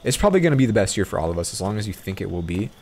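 A young man giving casual let's-play commentary on a game, excitable and exasperated, rambling on between hushed mutters. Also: on the low side, very fast, slight background noise. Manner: drops to hushed, whispery mutters while sneaking. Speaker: gaming YouTuber. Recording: game music playing underneath. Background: game music.

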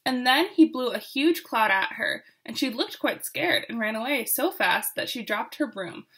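A woman reading a picture book aloud to children, expressive and with asides to her listeners. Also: on the high side, normal speed, creaky, breathy edge. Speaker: storyteller.

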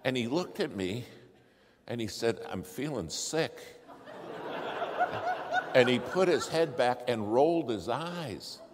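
A man telling a story in a sermon, acting out the dialogue and swinging from hushed asides to loud exclamations. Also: medium pitch, lively intonation, measured pace, noisy background. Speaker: preacher telling a testimony. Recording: long hall reverb, faint ambience.

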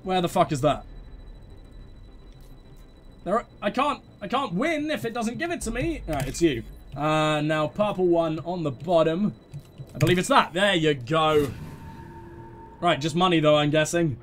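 A man commentating his own gameplay, excitable, swearing freely and giving orders to his teammates. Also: a little high, a little slow, pauses often, slight background noise. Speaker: let's play host.

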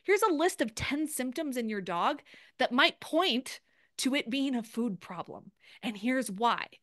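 A woman coaching a group on a live video call, energetic and chatty, often restarting her sentences. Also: high voice, measured pace, dry recording, studio quality. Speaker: sales coach.

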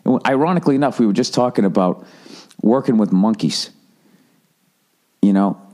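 A man's voice: mid-range voice, lively intonation, quick pace, darkish tone. A middle-aged American man with an American accent, ranting in a profane, rambling, self-mocking comedic monologue as a podcast host.

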